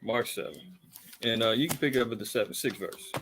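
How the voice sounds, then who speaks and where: A man's voice: mid-range voice, fast talker, a bit bright, a little hiss or hum. A man leading a conversational Bible teaching, fiery and mocking in a preachy way.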